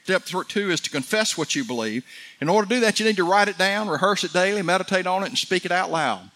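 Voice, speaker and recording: A middle-aged man preaching a fervent sermon, building to excited peaks. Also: sits high, fast talker. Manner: fervent, rising to shouts of excitement. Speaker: pastor.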